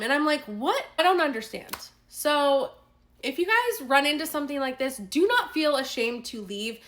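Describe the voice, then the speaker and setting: A woman vlogger telling a storytime vlog, animated and indignant, with lots of "like" and restarts. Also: sits high. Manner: animated, indignant retelling with many fillers.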